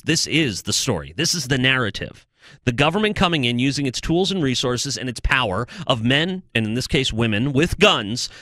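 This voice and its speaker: A man's voice: a little high, no room sound, studio quality. A man hosting a political commentary show, delivering an opinionated, sarcastic monologue. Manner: animated, sarcastic, mocks with loud put-on shouting.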